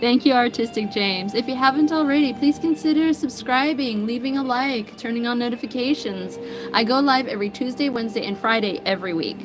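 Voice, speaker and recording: A woman's voice: fairly high pitch, brisk. An American woman hosting an art livestream, greeting viewers by name and reading their comments in a friendly, casual chat. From United States. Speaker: livestream artist host. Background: background music.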